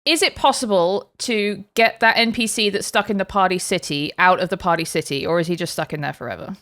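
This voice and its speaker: A woman's voice: mid-range voice, fairly quick, a bit bright. A British woman co-hosting a podcast, chatting playfully with a self-mocking humor and plenty of ums. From Britain. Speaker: podcast co-host. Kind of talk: casual podcast chat.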